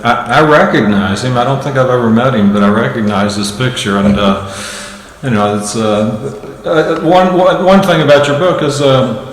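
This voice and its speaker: A male host with a mid-pitched voice keeps the conversation going with prompting questions for his guest. The room is echoey, and a long reverb trails after his words. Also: moderate pace, a little hiss or hum. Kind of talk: interviewing guest. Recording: roomy hall with long reverb.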